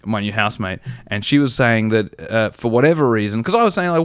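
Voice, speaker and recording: A young Australian man with a smooth, resonant voice, telling rambling, profane anecdotes on a comedy podcast. The sound is dry and close, with no room around it. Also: lowish voice, lively intonation, a little fast, few pauses, no echo. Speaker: podcast co-host. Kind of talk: casual comedy chat.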